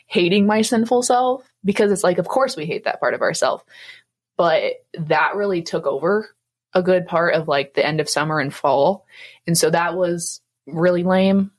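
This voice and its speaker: A young woman co-hosting a casual faith podcast, rambling with many fillers and frequent laughs. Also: on the low side. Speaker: podcast co-host.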